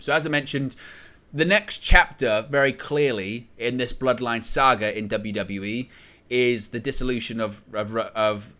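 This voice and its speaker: A man hosting a solo wrestling news show, animatedly retelling a match and acting out what the wrestlers say. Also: medium pitch. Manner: animated storytelling, acts out quoted lines. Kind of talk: solo wrestling recap commentary.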